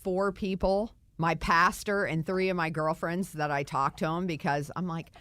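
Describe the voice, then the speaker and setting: A middle-aged woman, a podcast guest, telling her story in a casual, animated chat, laughing now and then. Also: on the low side, moderate pace, no echo.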